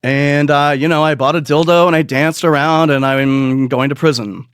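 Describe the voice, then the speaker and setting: A man's voice: fairly high pitch, moderate pace, smooth, no room sound. Profane rambling male comedian, dry sound. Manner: profane, rambling, animated asides. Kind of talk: stand-up storytelling.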